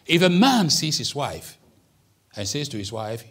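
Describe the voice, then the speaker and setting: A man from Ghana preaching a sermon as pastor, dropping into quiet asides and then climbing to high, emphatic peaks. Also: big pitch swings, moderate pace, creaky. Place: church.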